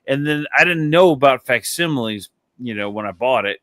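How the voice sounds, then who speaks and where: A man's voice: medium pitch, expressive, fairly quick, a bit bright, dry recording. A man hosting a casual podcast chat, telling rambling stories full of swearing and laughter. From Texas. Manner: rambling, profane storytelling with frequent laughs. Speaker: podcast host.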